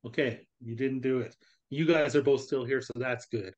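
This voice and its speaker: Animated man telling a long joke. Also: medium pitch, moderate pace, muffled recording. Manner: animated storyteller, acts out voices. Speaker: podcast co-host. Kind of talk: casual podcast chat, telling a joke.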